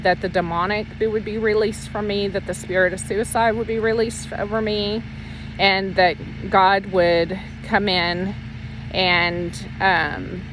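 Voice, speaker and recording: A woman's voice: mid-range voice, little pitch movement, measured pace, noisy background. A woman sharing a personal faith testimony in casual, earnest storytelling, emotional and rambling with frequent restarts. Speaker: Christian ministry leader sharing her testimony.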